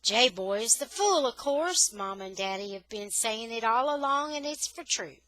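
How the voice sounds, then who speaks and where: Slow, bright-voiced woman reading a story. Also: on the high side, no room sound, low-quality recording. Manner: slow, careful, expressive storytelling. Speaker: reader, English tutor. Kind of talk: reading a children's novel aloud.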